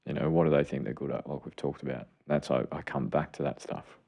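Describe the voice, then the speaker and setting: A man's voice: rumbling low, steady tone, fast, creaky, mellow. A middle-aged man, a podcast co-host and clinician, explaining parenting steps in an earnest, enthusiastic way. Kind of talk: casual chat.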